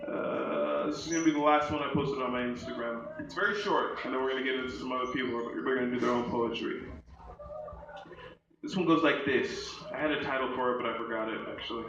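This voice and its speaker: A man's voice: medium pitch, fast talker, noisy background. A man hosting an open mic and reading a short poem, casual and offhand. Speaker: open-mic host and poet. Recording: roomy, distant, dull live recording.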